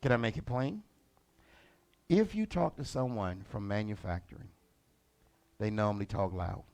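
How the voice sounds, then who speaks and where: A man preaching a sermon as lead pastor, colloquial and animated. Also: on the low side, moderate pace. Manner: animated, colloquial, acts out characters.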